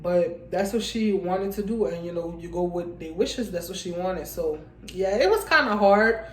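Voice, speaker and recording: A young woman speaks at a medium pitch, rambling and restarting her sentences as she chats with her viewers. Her voice carries noticeable room echo. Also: moderate pace. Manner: rambling, restarts often, addresses viewers as y'all. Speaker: vlogger. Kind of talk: casual heartfelt vlog talk.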